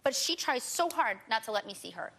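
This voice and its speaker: A woman in her twenties, a talk show guest, rushing through an emotional personal account and repeating herself as she pleads her case. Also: fairly high pitch, big pitch swings, sharp tone.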